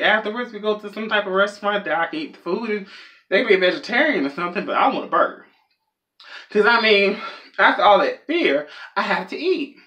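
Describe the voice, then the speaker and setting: A man's voice: sits high, pushed and bright. A young man telling a rambling, self-mocking comedic story as a vlogger. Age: young adult.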